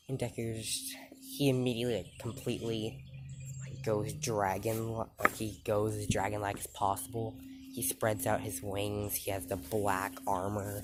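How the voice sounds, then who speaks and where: A man's voice: lowish voice, level tone, unhurried, background noise. A man telling an improvised fan-fiction story, rambling with many fillers and self-corrections.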